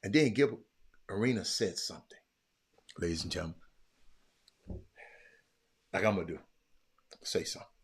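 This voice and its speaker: A man hosting a casual sports commentary talk, telling a story animatedly and getting loud when he quotes others. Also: low-pitched, expressive, normal speed, long pauses, slightly rough. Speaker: podcast host.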